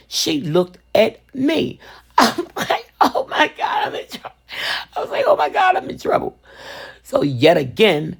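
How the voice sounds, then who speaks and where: A woman vlogger telling a funny family story in a casual storytime style, animated and expressive. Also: low voice, gravelly, breathy edge. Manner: animated, expressive, laughs often. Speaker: vlogger, resin crafter.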